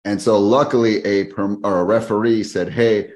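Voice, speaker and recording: A middle-aged man, a guest on a podcast, telling a story in a lively, fast-moving way. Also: fairly low pitch. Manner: animated, fast-paced storyteller who acts out quoted people. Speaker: podcast guest, fitness business owner. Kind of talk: casual storytelling interview.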